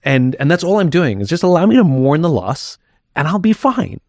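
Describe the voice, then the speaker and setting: A man's voice: fairly high pitch, big pitch swings, normal speed, no room sound, studio quality. A man talking candidly as an interview guest, reflective and thinking aloud as he goes.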